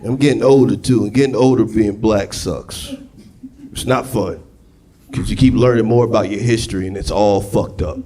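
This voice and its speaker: A male stand-up comedian doing a raunchy set on a club stage, profane and shouting his punchlines into a handheld mic. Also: lowish voice, fairly even intonation, moderate pace, background noise. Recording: live club with loud audience laughter.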